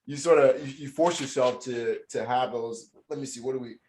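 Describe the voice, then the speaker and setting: A man's voice: mid-range voice, fairly quick, a little mellow, a little hiss or hum. A man hosting a casual interview over a video call, talking in a chatty way with many restarts. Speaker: host.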